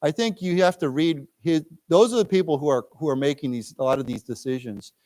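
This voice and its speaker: An American man teaches an English class in a library lecture room. His voice sits a bit high for a man. He reads news phrases slowly and deliberately for students to echo, then explains vocabulary patiently. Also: dark tone.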